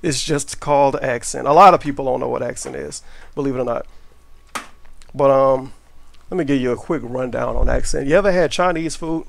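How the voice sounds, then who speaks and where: Gravelly man rambling while cooking. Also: medium pitch, a little fast. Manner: rambling, profane, offhand. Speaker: cooking vlogger. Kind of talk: casual cooking vlog. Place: home kitchen. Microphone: camera mic while cooking.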